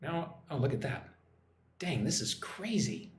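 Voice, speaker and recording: A man's voice: on the high side, big pitch swings, measured pace. Guy from texas goofing around on a live stream, chatty and amused, lots of ups and downs in his voice. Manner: playful, chatty, amused exclamations. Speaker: English teacher streaming live. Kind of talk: casual live stream chat. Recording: roomy echo, faint background noise.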